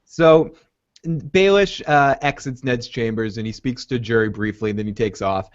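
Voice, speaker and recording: A man's voice: mid-range voice, normal speed. Casual male podcaster, slightly dull audio. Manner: retells scenes by quoting lines, loose and rambling. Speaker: podcast co-host recapping an episode. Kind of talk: casual recap chat.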